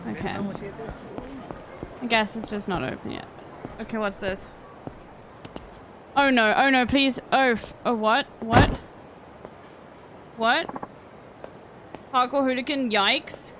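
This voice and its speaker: A woman's voice: fairly high pitch, slow, long pauses, fairly bright tone, a little hiss or hum, rough recording. A young woman streamer chatting casually and swearing freely while she plays a video game. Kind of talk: casual gameplay commentary. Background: game music.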